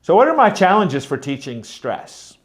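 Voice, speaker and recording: A man teaching a pronunciation lesson, speaking deliberately and modeling words and sentences aloud to show stress. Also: a little high, wildly swooping pitch. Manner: slow, deliberate, demonstrating stress patterns aloud. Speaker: teacher trainer.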